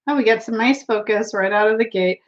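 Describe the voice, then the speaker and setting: A woman's voice: fairly high pitch, a little fast, lo-fi sound. A woman hosting a casual tarot live stream, chatty and giggly, reading out viewer comments, with a runny nose. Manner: giggly, chatty, laughs often. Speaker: tarot livestream host.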